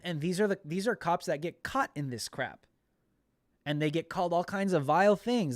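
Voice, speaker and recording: Male podcast host, fairly high voice, dry sound, emphatic and conversational. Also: no room sound. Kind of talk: commentary.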